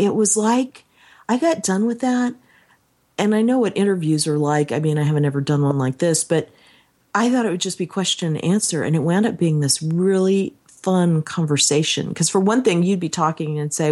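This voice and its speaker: A woman's voice: fairly low pitch, normal speed, mellow. A woman co-hosting a podcast, telling a story in a casual chat and acting out the quotes she tells. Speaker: podcast co-host.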